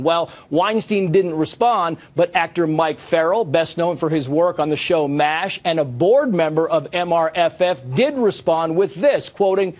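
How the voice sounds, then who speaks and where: A man reading a scripted news report in a measured delivery. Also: fairly high pitch. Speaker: news correspondent.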